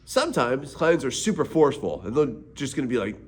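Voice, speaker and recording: A man's voice: medium pitch, very animated, brisk, breathy edge. A man teaching art sales as a mentor, talking casually and energetically straight to the viewer. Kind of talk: direct-to-camera teaching video.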